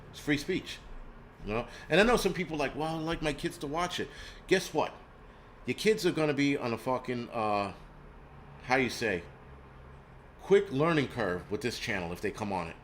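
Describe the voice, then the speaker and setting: A man's voice: mid-range voice, big pitch swings, moderate pace, long pauses, a little hiss or hum. A man from the United States hosting his own channel, talking bluntly in a profane, rambling rant. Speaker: channel host. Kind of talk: casual livestream rant.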